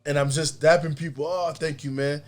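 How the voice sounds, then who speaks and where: A man's voice: fairly high pitch, steady tone, fairly quick. A man guest on a podcast, telling a story casually and animatedly, acting out other people's lines with frequent laughter. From United States. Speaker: podcast guest, artist and comedian.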